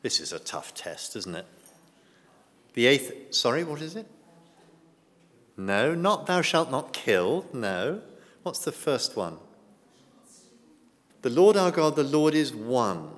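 A man gives a sermon in a conversational way, often turning to the congregation with questions. His pitch moves in a lively, animated way. The sound carries the long reverb of a church hall. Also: takes it slowly, pauses often. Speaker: preacher.

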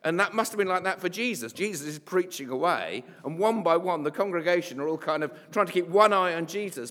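A man's voice: a little high, fairly bright tone. A man preaching a sermon in a conversational, wry way, with asides and fillers. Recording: long hall reverb.

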